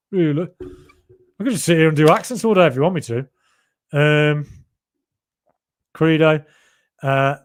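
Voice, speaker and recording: Man, Brummie accent, podcast host, rambling live-stream chat, voice a touch high. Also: clean tone. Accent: Birmingham (Brummie). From Birmingham, England. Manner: chatty and rambling, with many fillers and asides. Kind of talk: casual live-stream chat reading viewer comments.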